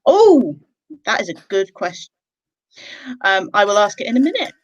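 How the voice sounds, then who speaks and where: A woman co-hosts an interview over a video call, chatty and jokey, talking at normal speed with big pitch swings. She acts out quotes in a bright, sudden voice with big pitch jumps, and the casual chat comes through in dull, lo-fi video-call audio.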